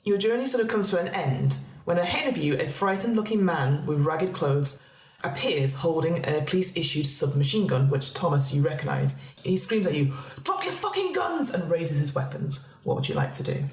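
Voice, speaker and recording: A woman narrating a tabletop role-playing game as game master, in a relaxed way with many hedging fillers. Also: low-pitched, normal speed. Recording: echoey room.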